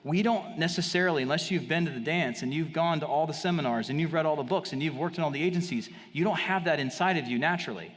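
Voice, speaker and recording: Guy pitching marketing on stage, sure of himself, big echoey hall. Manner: fast, salesy, confident pitching. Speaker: marketing speaker. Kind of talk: live seminar talk on stage.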